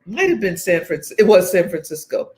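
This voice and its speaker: A woman's voice: lowish voice, big pitch swings, quick pace, a little mellow. Older woman cohost, casual chat, tells stories, dry humor. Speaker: co-host, mother.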